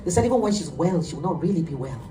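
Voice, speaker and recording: A middle-aged woman pastor preaching an animated sermon, laughing often as she tells stories. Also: low voice, very fast, faint music behind. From Nigeria. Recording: echoey room, heard from a distance.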